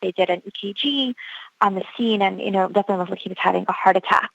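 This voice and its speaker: A woman's voice: mid-range voice, fast talker, vocal fry, no room sound, dull audio. A woman emergency physician telling an earnest story of her early training, reenacting the dialogue as she goes. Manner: earnest, reliving events with quoted dialogue. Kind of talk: storytelling interview.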